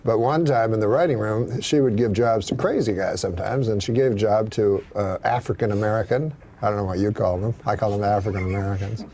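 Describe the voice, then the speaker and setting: A man telling comic anecdotes on a talk show in a dry, deadpan manner. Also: on the low side, brisk, hardly any pauses, a little hiss or hum. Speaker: comedian.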